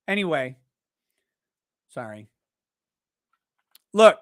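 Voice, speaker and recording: A man's voice: high-pitched, no echo. Dry, rambling man reading chat. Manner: rambling and joking, with halting restarts; animated when telling stories. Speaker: livestream host reading chat messages. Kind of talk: casual live-stream chat.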